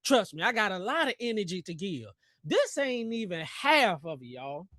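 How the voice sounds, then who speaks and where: Young guy running a trading livestream, bit high voice, dry close sound, hyped n joking w chat. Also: big pitch swings, normal speed, pushed and bright, no echo. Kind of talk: live trading commentary.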